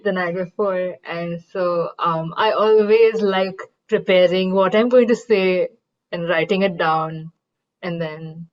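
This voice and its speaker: A woman's voice: lowish voice, steady tone, slow pace, lo-fi sound. A woman participant in a workshop sharing a personal experience, hesitant and candid. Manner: hesitant, many fillers, candid. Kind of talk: personal anecdote in a group.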